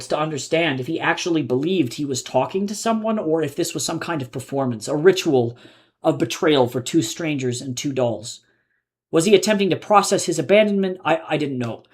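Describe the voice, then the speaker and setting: A man, the author, reading his own novel aloud live in measured, low-key narration. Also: animated, slightly rough.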